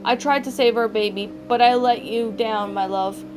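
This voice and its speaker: Weary hurt girl mayor voiced by a woman, weak and tearful, fairly high. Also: fairly even intonation, moderate pace, music in the background, lightly acted, low-quality recording. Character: wounded exhausted young human mayor girl.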